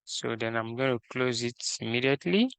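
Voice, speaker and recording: A man's medium-pitched voice carries vocal fry and a fairly bright, clean tone in a dry recording. He leads a screen-recorded coding tutorial slowly and methodically, reading out the task instructions and explaining his steps.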